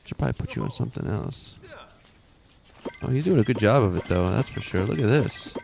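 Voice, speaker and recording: A man's voice: on the low side, huge pitch swings, fairly quick, gravelly, noisy background. A man in his thirties chatting casually while streaming a game, rambling, laughing often and muttering to himself.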